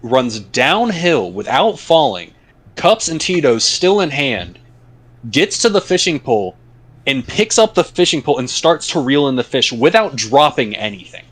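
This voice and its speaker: A young man, telling a story in a casual podcast chat with friends, with drawn-out dramatic pauses. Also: medium pitch, sing-song, a bit bright, husky.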